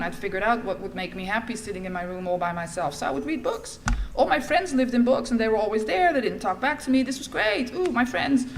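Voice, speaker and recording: A middle-aged woman speaks at a recovery meeting, telling her own story in a candid, wry way. Her voice sits at an everyday middle pitch. A faint hiss of noise runs under the recording. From Netherlands. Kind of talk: personal recovery testimony.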